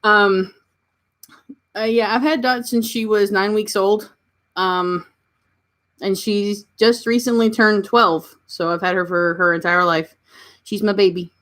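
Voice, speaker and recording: A livestream host from Kentucky chats casually in a Southern accent, warmly answering comments and cooing at her pets. Her medium-pitched voice is steady and unhurried, and she pauses often.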